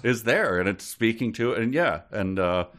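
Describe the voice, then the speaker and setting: Animated man joking on a podcast. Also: on the low side, moderate pace. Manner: animated, incredulous, jokey. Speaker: podcast co-host. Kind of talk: casual chat.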